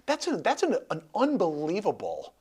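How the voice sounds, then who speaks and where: A man's voice: high-pitched, huge pitch swings, normal speed, a little mellow, breathy edge. A man hosting a casual interview chat, rambling and joking with lots of restarts. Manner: rambling, jokey, many restarts. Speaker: host.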